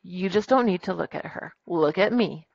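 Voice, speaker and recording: Gravelly woman teacher, dictating punctuation. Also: fairly low pitch, darkish tone, dry recording, highs cut off. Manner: brisk, firm with students, dictates punctuation aloud. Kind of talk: classroom grammar lesson. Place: classroom.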